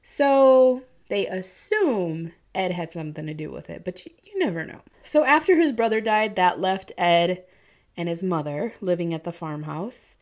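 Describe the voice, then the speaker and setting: Her voice lowish and expressive, a woman speaks at a moderate pace while recounting a true-crime story in a chatty, casual manner. She swears and laughs often, and her accent is Midwestern American with a Southern twang.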